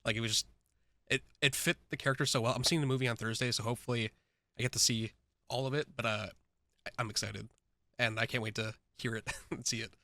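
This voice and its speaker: A man's voice: mid-range voice, fairly even intonation, quick pace, bright, forceful tone, dry recording. A man interviewing an actor, asking eager, rambling questions in a casual way.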